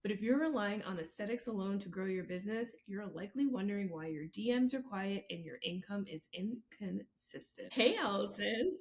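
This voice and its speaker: A woman in her thirties co-hosting a podcast, telling stories in an animated, playful way. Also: mid-range voice, fairly quick, hardly any pauses. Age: 30s. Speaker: podcast co-host. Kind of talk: casual podcast chat.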